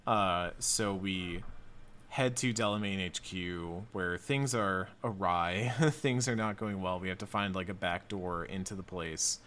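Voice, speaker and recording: A man with a very low voice talks through a game on a casual podcast. He rambles in a relaxed way and fills his pauses with ums and likes. A faint hiss sits under his voice. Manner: relaxed, thinking aloud with many fillers.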